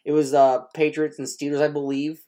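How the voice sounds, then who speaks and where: A man co-hosting a casual sports podcast, trading jokes and quick banter. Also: on the high side, level tone, dark tone. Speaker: podcast co-host.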